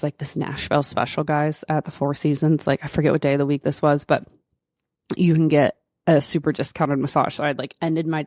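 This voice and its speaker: Chatty low-voiced woman podcast host. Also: dry recording, studio quality. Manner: chatty, lots of fillers, animated retelling. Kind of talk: casual solo podcast storytelling.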